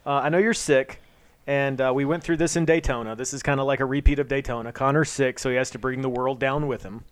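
A man's voice: medium pitch, fairly even intonation, fast talker, clear, resonant tone, dry recording. A man with a mid-range voice, recorded close and dry with almost no room sound. He rambles through a casual podcast chat, chatty and full of fillers. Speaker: podcast co-host.

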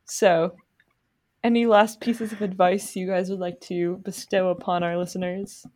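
A woman's voice: fairly low pitch, level tone, normal speed, darkish tone. A woman co-hosting a podcast in a casual chat, laughing often and signing off with loose, trailing fillers. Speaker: podcast co-host.

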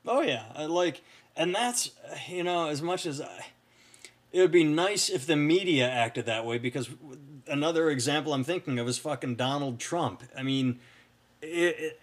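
A man's voice: fairly high pitch, normal speed. A man co-hosting a casual podcast chat, rambling through stories and acting out what other people say. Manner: rambling, storytelling with acted-out quotes. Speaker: podcast co-host.

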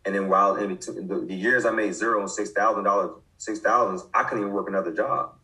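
A man's voice: lowish voice, steady tone, fast talker, pushed and bright, rough recording. A man in his twenties, a football coach, speaking casually as an interview guest, with many restarts and fillers. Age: 20s. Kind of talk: casual conversation.

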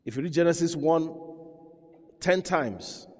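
Pastor preaching in a reverberant hall. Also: male voice, on the high side, expressive, a little slow. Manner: preaching with dramatic swings from quiet to loud, acting out quoted voices. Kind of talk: sermon.

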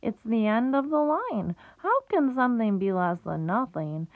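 A woman's voice: on the high side, big pitch swings, a little slow, no echo. Casting: whiny young male pig, lonely and earnest, read by a woman, thin phone-line sound. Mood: plaintive. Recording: tinny phone-like recording.

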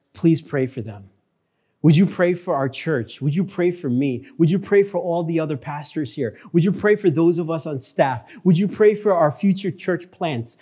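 A male pastor preaching a sermon in church, earnest, repeating key phrases and slowing down for emphasis. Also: on the high side, dark tone.

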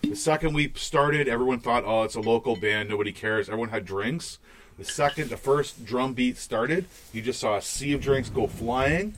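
一位说话直率、爱骂脏话的男人. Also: male voice, medium pitch, moderate pace, fairly bright tone, slight background noise, rough recording. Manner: blunt, swears freely, storytelling. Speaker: guest, metal musician. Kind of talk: casual chat.

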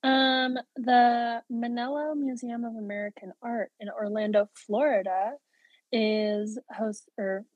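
Breathy bright-voiced woman co-host. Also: a little high, fairly even intonation, takes it slowly, dry recording, muffled recording. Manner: upbeat, slangy, encouraging. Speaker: podcast co-host. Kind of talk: casual chat.

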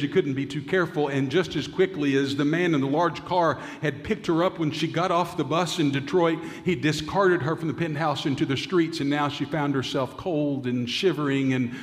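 Preacher telling a story in a hall. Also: male voice, mid-range voice. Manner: dramatic storyteller, drops to hushed tones. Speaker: pastor. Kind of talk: sermon storytelling.

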